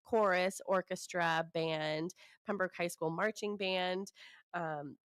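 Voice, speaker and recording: Low-voiced woman co-hosting a chat. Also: steady tone, takes it slowly, clean tone, dry recording. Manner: chatty, reads town facts with fillers. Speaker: real estate podcast co-host. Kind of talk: casual chat.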